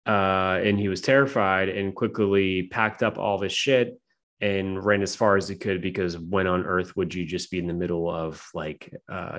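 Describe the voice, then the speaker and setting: A man co-hosting a podcast, telling a story in casual chat with an animated, profane, rambling manner. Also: deep voice.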